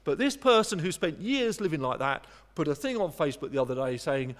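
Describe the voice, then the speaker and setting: A man's voice: on the high side, animated, brisk, few pauses, in a large hall. A man preaching a sermon in an earnest, conversational way, with frequent restarts. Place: church.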